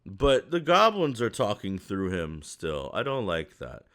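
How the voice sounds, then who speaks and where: Smooth low-voiced man running a game. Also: very animated, unhurried, fairly bright tone. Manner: rambling, filler-heavy narration. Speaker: game master. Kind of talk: narrating a tabletop game.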